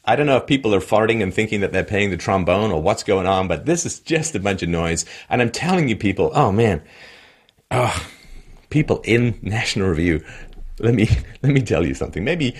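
A man's voice: lowish voice, lively intonation, fairly quick, husky. A man giving a solo political commentary in a sarcastic, mocking way, with frequent laughs.

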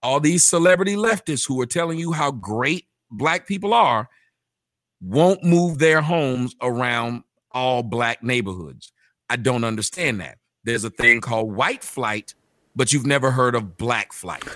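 A man who is a podcast guest, speaking emphatically in quick bursts and often repeating words. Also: medium pitch, a bit bright, no room sound, clean studio sound. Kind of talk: conversational interview.

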